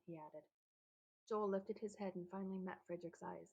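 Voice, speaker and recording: A woman narrating a children's storybook in a gentle, even reading voice. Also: on the low side, moderate pace, vocal fry, breathy edge, poor audio. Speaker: audiobook reader.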